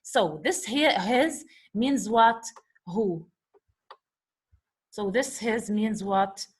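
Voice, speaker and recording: A woman's voice: mid-range voice, animated, very slow. A woman teaching Arabic vocabulary to English speakers. She asks questions, answers them herself, repeats points, and calls her class guys. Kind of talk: explaining vocabulary from a lesson dialogue.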